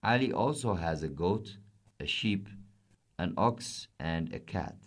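Deep-voiced man reading a kids' story. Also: expressive. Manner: slow, simple and encouraging. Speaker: storyteller and teacher. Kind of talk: children's story read-aloud.

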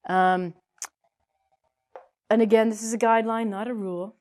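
A woman's voice: fairly high pitch, steady tone, moderate pace, a little mellow. A woman teaching English in a playful, chatty way, joking to herself as she explains. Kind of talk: casual spoken lesson.

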